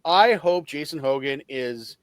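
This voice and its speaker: A man co-hosting a podcast, chatting casually about football. He sounds animated and exasperated and laughs easily. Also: a little high, unhurried, dry recording. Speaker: podcast co-host. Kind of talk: casual sports chat.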